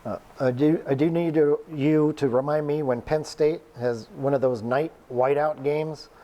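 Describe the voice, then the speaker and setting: A man's voice: a little high, steady tone, unhurried, warm tone, highs cut off. A man hosting a sports podcast, bantering and joking about college football. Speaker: podcast host. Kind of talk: casual sports chat.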